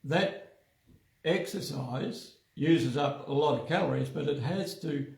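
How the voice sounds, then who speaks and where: A man's voice: a little high, a little slow, gravelly, a little mellow. A man in a casual health chat, easygoing and repeating words as he starts. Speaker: wellness centre co-host. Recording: echoey room.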